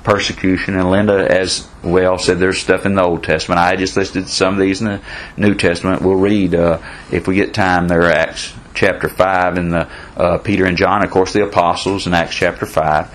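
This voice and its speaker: A man's voice: deep voice, little pitch movement, normal speed, low-quality recording. A man teaching a Bible study class in a folksy way, repeating himself and answering questions from the class.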